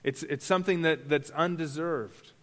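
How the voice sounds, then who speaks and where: A male pastor delivers an earnest sermon, putting rhetorical questions to his listeners and often doubling words as he goes. His voice sits high for a man. It rings out with a long reverberation, as in a large hall. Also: moderate pace, fairly bright tone.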